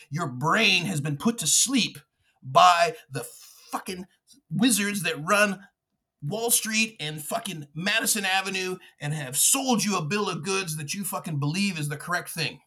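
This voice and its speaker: A man's voice: sits high, a little slow, sharp tone, breathy edge. A man hosting a podcast, delivering a furious, profane political rant with mocking asides. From United States. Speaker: podcast host.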